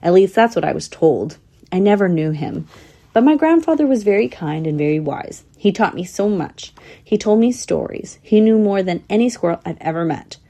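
A woman's voice: mid-range voice, expressive, moderate pace, mellow. A woman voicing a young female squirrel telling her story in a matter-of-fact, thoughtful way. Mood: earnest.

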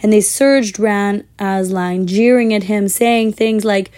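A woman reading a children's fantasy book aloud in a measured, expressive way, with the odd slip. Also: mid-range voice. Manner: measured, expressive, with small slips. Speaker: storyteller.

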